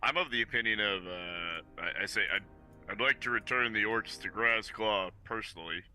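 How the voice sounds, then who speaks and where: A man playing a tabletop game, speaking in a halting, hesitant way. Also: lowish voice, sharp tone, faint music behind. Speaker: player. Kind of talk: tabletop role-play.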